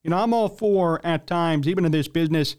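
Male sports-show host, fairly high pitched; blunt, emphatic opinion monologue. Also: fairly quick, darkish tone, smooth. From United States.

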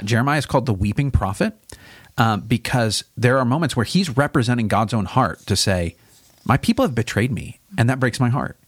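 A man, a pastor co-hosting a podcast, talking through a Bible chapter in a thoughtful, casual way that turns animated when he voices God's questions. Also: on the low side, no echo, studio quality.

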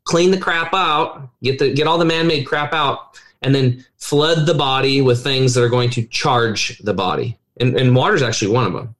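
A middle-aged man, a health coach, talking in a casual podcast interview with animated, persuasive storytelling. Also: mid-range voice, moderate pace, few pauses.

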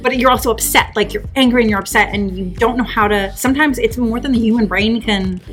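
A married woman, a podcast guest, speaking about a film in a heartfelt, halting way with many fillers. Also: on the high side, faint music behind. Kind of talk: casual film discussion.

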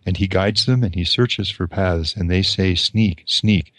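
A man's voice: low-pitched, measured pace, a bit bright, dry recording. A man reading as a sly, hissing wretched creature. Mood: bitter. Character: wretched sneaking male creature, bitter and wheedling.

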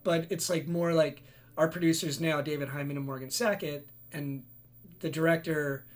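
A man's voice: a little high, steady tone, normal speed. A man, a location manager, talking in a laid-back, easygoing way as a guest in a casual chat, thinking aloud.

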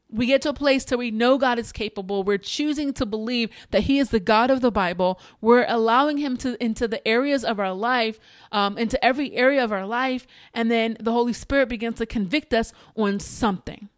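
Woman podcast host, higher register, dry close sound, earnest faith-based encouragement with casual asides. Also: dry recording. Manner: earnest, exhorting, repeats phrases for emphasis; conversational with fillers and quick asides.

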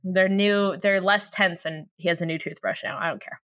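A woman's voice: medium pitch, steady tone, moderate pace, a bit bright. A woman co-hosting a casual chat, recapping a TV episode with lots of fillers and laughter. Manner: giggly, rambling with lots of fillers. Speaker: podcast co-host recapping a TV show.

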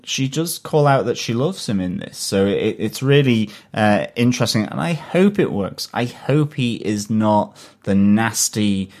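Enthusiastic male podcast co-host with a lower voice, rambling with filler words. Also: expressive, measured pace, few pauses, a little mellow. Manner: chatty, enthusiastic, many fillers. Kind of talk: casual chat.

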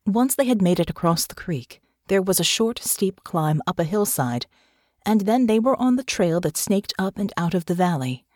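A woman narrating an audiobook in an expressive, measured storytelling manner. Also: medium pitch, no room sound, clean studio sound. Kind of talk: scripted narration.

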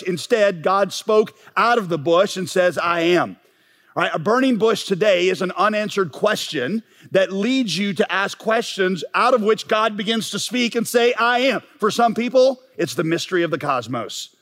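A man with a fairly high voice preaches from the pulpit, pressing his points home and swelling to strong peaks. His words ring out with a long tail of reverb from a large sanctuary. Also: a bit bright. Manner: emphatic preaching, rising to bursts of force. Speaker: pastor. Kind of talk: sermon.

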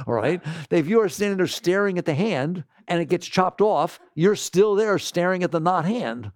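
Spiritual teacher, man, slightly high and very lively delivery, keeps questioning the audience. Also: normal speed, hardly any pauses, dry recording, clean studio sound. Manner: animated, slips into mocking quoted voices. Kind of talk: lecture to a live audience.

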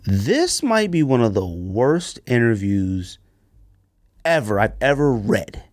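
A male podcast host in full rant mode, sarcastic and animated, his pitch leaping up high whenever he wants to stress a point. The sound is close and dry, with no room echo at all. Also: slow pace. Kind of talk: casual sneaker podcast rant.

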